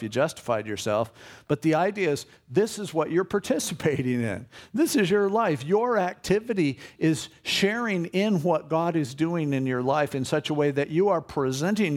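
A man's voice: fairly high pitch, animated, moderate pace. A man preaching a sermon as a pastor, conversational and earnest, with emphatic swells as he teaches.

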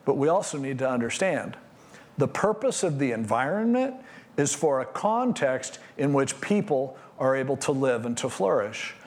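A man pastor preaching a conversational sermon on scripture, animated and acting out what people might say. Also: mid-range voice, moderate pace.

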